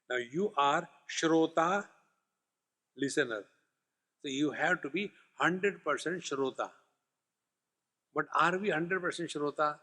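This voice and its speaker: A swami preaches in a spiritual discourse, his voice sitting somewhat high for a man. He drives points home by repeating them and mixes in light humor. The sound rings out with a long hall reverb. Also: bright, forceful tone. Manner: emphatic, repetitive, anecdotal with humor.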